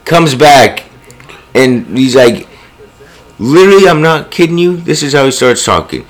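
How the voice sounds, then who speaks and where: A man's voice: on the high side, lively intonation, measured pace. A young man in casual chat who chimes in with memories, using lots of slang. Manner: laid-back, chimes in, slang-heavy.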